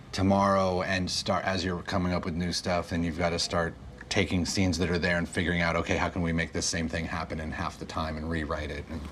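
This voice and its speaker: A man talking candidly about his work in a casual, profane way, laughing easily between thoughts. His voice sits fairly low, with a faint noise bed behind it. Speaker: writer and producer. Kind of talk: candid documentary interview.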